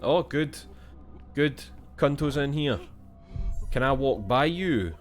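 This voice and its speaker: A man's voice: medium pitch, animated, takes it slowly, faint music behind. A young Scottish man playing a video game and thinking aloud in casual, swear-filled commentary. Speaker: gaming streamer.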